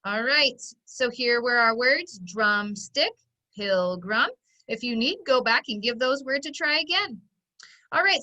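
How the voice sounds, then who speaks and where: Bright-voiced woman teaching phonics. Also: on the high side, poor audio. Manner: slow, clearly sounding out letters and syllables. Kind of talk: phonics lesson.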